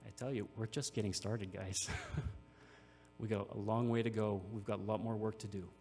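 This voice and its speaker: A man's voice: lowish voice, steady tone, normal speed, a little mellow. Earnest man speaking in a reverberant hall. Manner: earnest, emotional, many restarts. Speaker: nonprofit CEO speaker. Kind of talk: conference speech. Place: large hall. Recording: reverberant hall with faint hum.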